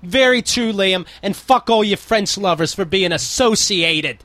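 Bright-voiced wry male podcast host. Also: on the high side, lively intonation, unhurried, no echo. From New York. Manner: wry, profane, reads letters aloud. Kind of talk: casual chat, reading listener mail.

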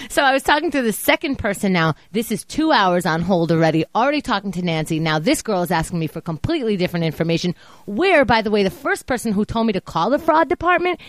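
A woman telling a story in a casual chat, animated and foul-mouthed as she rants. Her voice sits at an ordinary middle pitch. The sound is dry and close, with no room echo. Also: fast.

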